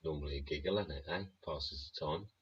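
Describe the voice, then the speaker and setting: A man's voice: a bass voice, fast talker, fairly bright tone, dull audio, slight background noise. A man hosting a live stream, ranting bluntly and rambling with plenty of swearing. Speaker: livestream host.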